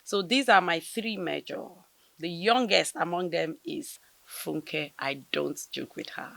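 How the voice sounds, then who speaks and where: A woman with a Nigerian English accent talks in an interview with lively emphasis. Her lowish voice has a gravelly fry and a bright, forward edge. The recording is close and dry. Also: measured pace, dry recording. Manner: expressive, emphatic, laughs often. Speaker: actress interviewee. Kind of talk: conversational interview.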